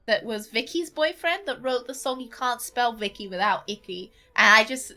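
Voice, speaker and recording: A woman's voice: on the high side, normal speed, pushed and bright, soft background music. A British woman streaming a game in casual chat, laughing, swearing and ranting with mock indignation. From Britain. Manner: swears freely, laughs, rants with exaggerated indignation.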